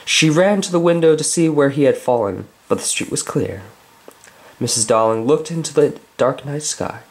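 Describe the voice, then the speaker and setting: A man's voice: on the high side, moderate pace. A man casually reading a children's book aloud, breaking off into chatty, joking asides. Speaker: reader.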